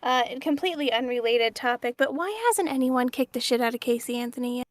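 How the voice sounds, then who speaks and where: Female co-host, high voice, dry close sound, reads chat questions with wry humor. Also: fast, no echo. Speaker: stream co-host. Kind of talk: casual live-stream chat.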